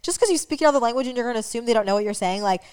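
A woman's voice: a little high, lively intonation, very fast, darkish tone, a little hiss or hum. A young woman from Staten Island, co-hosting a podcast and telling rambling stories with asides to viewers. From Staten Island, New York. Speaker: podcast co-host. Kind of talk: casual storytelling chat.

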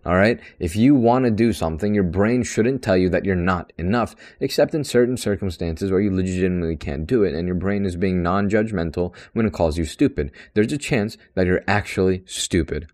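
A young man talks alone into his podcast mic in a very low voice. He rants in a blunt, sarcastic way and fills any gap with more talk, like an extrovert who hates silence. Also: darkish tone. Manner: talkative and extroverted. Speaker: podcast host. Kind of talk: solo podcast monologue.

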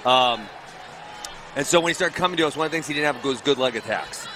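A man who coaches wrestling, chatting casually on a podcast and acting out his talks with his wrestlers in an animated way. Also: mid-range voice, fast, background noise.

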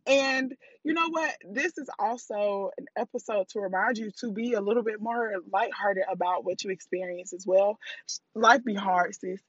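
A woman's voice: medium pitch, moderate pace, slightly rough, no echo, lo-fi sound. A woman hosting a casual solo podcast, talking candidly and playfully in slangy speech straight to her listeners and laughing at her own jokes. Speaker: podcast host.

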